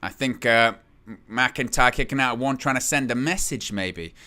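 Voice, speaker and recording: A man hosting a wrestling watch-along, giving excitable live play-by-play and reading out viewer comments. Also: medium pitch, normal speed. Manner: excitable, exclaims at big hits, reads chat aloud.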